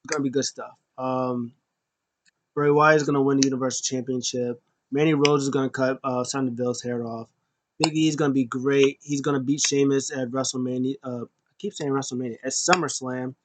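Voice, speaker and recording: A man's voice: mid-range voice, fairly quick, background noise. A man recapping a wrestling show in a casual, rambling way, full of ums and uhs. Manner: rambling, filler-heavy, animated.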